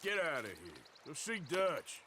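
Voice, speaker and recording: A blunt hardened outlaw. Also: male voice, fairly high pitch, huge pitch swings, measured pace, bright, forceful tone, slight background noise, exaggerated voice. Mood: curt. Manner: blunt, curt orders. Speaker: video game character.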